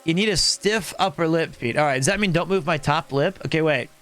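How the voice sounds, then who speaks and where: A man's voice: on the high side, brisk, fairly bright tone. A man streaming a game and chatting casually, rambling and joking in a playful way. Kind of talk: casual live-stream chat.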